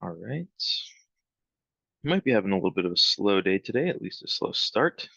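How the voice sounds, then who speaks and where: A low-voiced man runs a live software training session and talks loosely through it, filling gaps with ums. His tone is bright and forward, and the sound is dry and a bit dull, like online meeting audio. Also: fairly quick, creaky, no room sound. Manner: relaxed, rambling, many ums. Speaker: webinar trainer.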